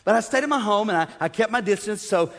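A man preaching a sermon as pastor, energetic and humorous, calling out to his congregation. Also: sits high, fast talker. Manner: energetic preaching with audience call-outs and humor. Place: church sanctuary. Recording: long reverb of a large hall.

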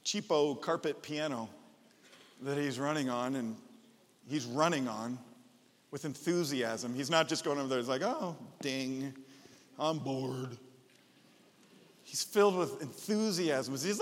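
A man preaching a sermon as pastor, enthusiastic and bursting into loud shouts. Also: fairly high pitch, in a large hall.

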